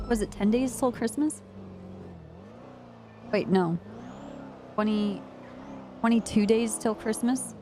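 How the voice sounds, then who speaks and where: A woman's voice: fairly high pitch, a little slow, pauses often, darkish tone, slight background noise. A woman streaming a game, chatting casually with her viewers and telling a rambling story, often laughing.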